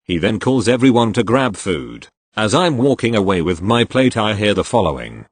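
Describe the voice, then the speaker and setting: Low-voiced man reading stories aloud. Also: very animated, moderate pace, hardly any pauses, husky, no echo. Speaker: narrator reading Reddit posts.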